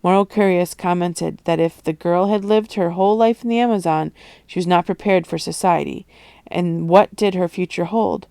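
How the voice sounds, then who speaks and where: Gravelly, smooth-voiced woman reading a novel. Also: fairly low pitch, moderate pace, warm tone, dry recording, studio quality. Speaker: audiobook reader. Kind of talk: storybook reading.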